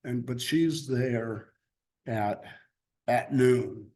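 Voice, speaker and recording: Slow-talking man teaching Bible class. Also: mid-range voice, dark tone. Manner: chatty, laughs easily, loose restarts. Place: church classroom.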